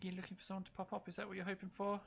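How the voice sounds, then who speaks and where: A man's voice: sits high, completely flat delivery, racing, vocal fry, slightly rough. A man giving casual, joking, self-mocking commentary over a video game match.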